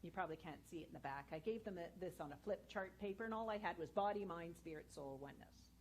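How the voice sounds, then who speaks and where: A woman's voice: fairly low pitch, fast, a little hiss or hum. A woman educator giving an earnest inspirational talk to a live audience in a spiritual centre hall, telling personal stories. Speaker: guest speaker and educator.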